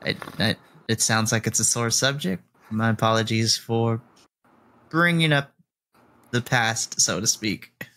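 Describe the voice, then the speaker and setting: Man as conciliatory investigator guy, soothing, middle-pitched. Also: measured pace, bright, forceful tone. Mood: apologetic. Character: calm, placating male investigator. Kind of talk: tabletop role-play in character.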